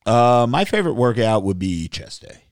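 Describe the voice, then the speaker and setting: A man's voice: medium pitch, sing-song, moderate pace, no room sound, clean studio sound. A man hosting a casual podcast, blunt and profane, reading viewer comments and giving opinions. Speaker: podcast host reading chat. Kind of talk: casual banter.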